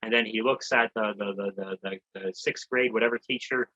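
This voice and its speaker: A man's voice: fairly low pitch, fairly even intonation, fairly quick, pushed and bright, lo-fi sound. A man co-hosting a comedy podcast, recapping a movie in a rambling, joking way with some swearing. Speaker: podcast co-host. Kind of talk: casual comedy podcast chat.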